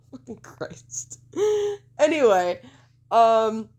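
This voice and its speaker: A woman's voice: fairly high pitch, expressive, very slow, darkish tone. A woman co-hosting a podcast in casual chat, rambling and laughing, swearing freely, a little congested. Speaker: podcast co-host.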